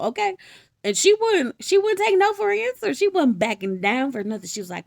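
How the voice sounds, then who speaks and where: A young woman telling a story in casual slang, animated, laughing often and acting out the quotes. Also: mid-range voice, moderate pace, gravelly, no echo. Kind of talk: casual comedic Bible retelling.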